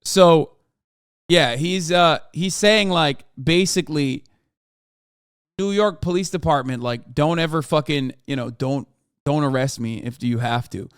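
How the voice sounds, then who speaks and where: A man's voice: fairly high pitch, unhurried, clear, resonant tone, no room sound, studio quality. A man giving casual, profane, sardonic commentary as a streamer, rambling through reactions.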